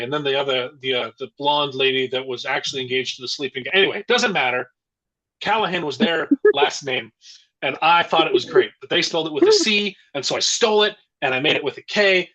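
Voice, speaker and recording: A man in his thirties, the guest in a casual interview, telling an animated, rambling story full of tangents. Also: a little high, highs cut off.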